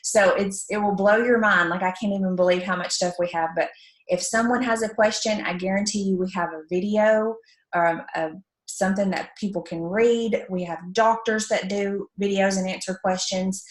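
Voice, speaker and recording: An upbeat woman from Alabama speaks with a warm Southern drawl, chatty and full of fillers. Her voice sits at a middle pitch, and the room around her rings with echo. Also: fairly even intonation, moderate pace. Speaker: network marketing presenter. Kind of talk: casual training talk. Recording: echoey room.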